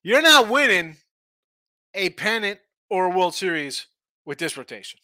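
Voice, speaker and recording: A man's voice: high-pitched, big pitch swings, unhurried, bright, forceful tone, no echo. A man hosting a sports betting show, talking casually and rambling through opinionated takes full of rhetorical questions.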